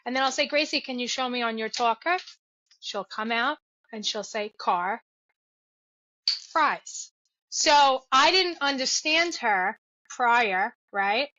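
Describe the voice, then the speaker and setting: Bright, dry-voiced mother sharing stories. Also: a little high, unhurried, dry recording, dull audio. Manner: earnest, reflective storytelling. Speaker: podcast guest, mother. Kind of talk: casual interview chat.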